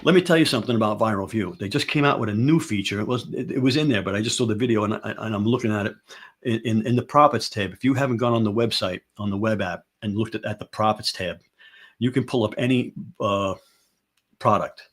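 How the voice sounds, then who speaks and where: A man with a low, husky voice talks casually as a show host. He leans into repeated rhetorical questions and hits his points hard. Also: fast. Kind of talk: casual ranting advice talk.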